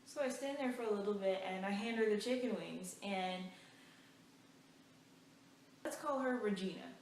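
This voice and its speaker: A young woman vlogger telling a story in a lively, chatty way, full of fillers. She sounds a fair way from the mic in a very echoey room. A faint hiss sits under her voice. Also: medium pitch, moderate pace, recorded from a distance. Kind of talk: casual storytime.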